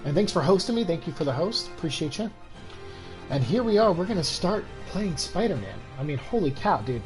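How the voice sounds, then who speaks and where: A man's voice: on the high side, very animated, fairly quick, faint music behind, low-quality recording. A young man with a cold, worn out and stuffed up, chatting casually to his stream at home while keeping his voice down and rambling with lots of fillers. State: exhausted. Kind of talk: casual game-stream chat. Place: home room at night.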